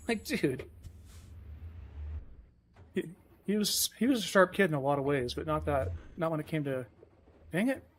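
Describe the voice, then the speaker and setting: A man's voice: a little high, lively intonation, normal speed, pauses often. A man streaming a truck game, chatting casually and rambling, often chiding himself as he plays. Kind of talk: casual live-stream commentary.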